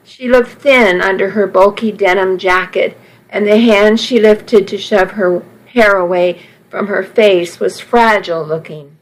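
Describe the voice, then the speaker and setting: A woman reading a first-person audiobook in a measured, expressive way. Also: medium pitch, low-quality recording. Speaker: audiobook narrator.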